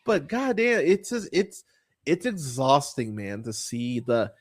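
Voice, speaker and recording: A male podcast host in casual conversation, venting with plenty of swearing and frequent laughter. His voice sits at a middle pitch but leaps sharply higher when he gets worked up. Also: slow. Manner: exasperated, profane, laughs often, animated pitch jumps. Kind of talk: casual ranting film review.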